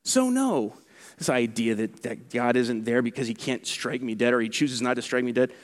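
A man preaching a sermon as pastor, animated and conversational, acting out what mockers say. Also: medium pitch, moderate pace, long reverb tail. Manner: animated, acts out mockers' quotes.

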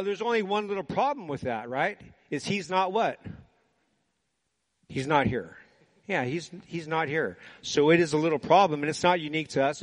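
An older man preaching a sermon, telling folksy stories and asking the congregation questions. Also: fairly high pitch. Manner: folksy storytelling, asks the audience questions.

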